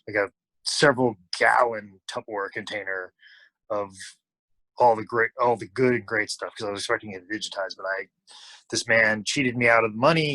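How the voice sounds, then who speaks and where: As an interview guest, a man with a fairly low voice tells a long anecdote, animatedly acting out the people he quotes. The storytelling is casual. The recording is rough, with no room sound.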